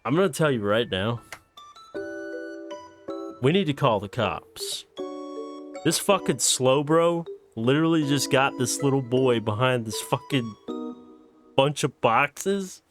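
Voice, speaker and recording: A young adult man streaming gameplay live, excitable and loud with laughter and swearing. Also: medium pitch, slow, long pauses, over music.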